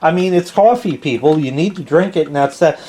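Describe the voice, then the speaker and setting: A man's voice: a little high, fairly quick, dark tone, slight background noise. Regular American guy in his forties, rambling kitchen review, casual and a bit profane. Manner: rambling, casual, sometimes swearing. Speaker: product reviewer. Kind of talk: casual chat.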